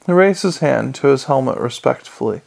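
A man narrating an audiobook in a dry, measured storytelling manner. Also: medium pitch, expressive, vocal fry, a little mellow.

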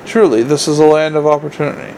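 A man voicing a slow, literal-minded male troll watchman who speaks in blunt broken grammar. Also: a little high, fairly even intonation, darkish tone, slight background noise, close to an everyday voice, low-quality recording. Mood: plodding.

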